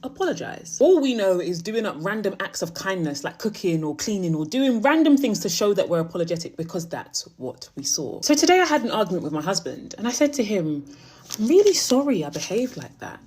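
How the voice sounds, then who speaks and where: A woman from Nigeria speaking in thoughtful commentary and asking rhetorical questions. Her voice is husky and breathy, and her pitch swings a lot as she talks. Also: big pitch swings, a little fast, few pauses, a little mellow. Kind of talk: reflective commentary.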